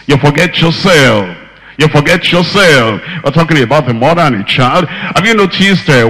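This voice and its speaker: A man preaching with an emphatic, repetitive delivery, pausing to read scripture aloud. His voice sits a little higher than most men's. It rings out with a long reverb, as in a church hall. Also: fairly bright tone. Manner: emphatic, repeats key phrases, quotes scripture. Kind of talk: sermon.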